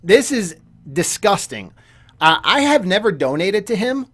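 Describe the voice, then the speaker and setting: A man's voice: high-pitched, sing-song, unhurried, a bit bright. A young man delivering a casual commentary rant, heated and repetitive, with frequent stammering restarts. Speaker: gaming YouTuber commentator.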